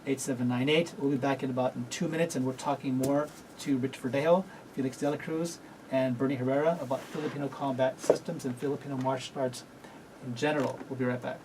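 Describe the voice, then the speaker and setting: A man's voice: medium pitch, fairly even intonation, quick pace, distant mic, background noise. A man hosting a radio talk show, chatting casually with guests and often stopping to rephrase himself. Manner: rambling, self-correcting, laughs readily.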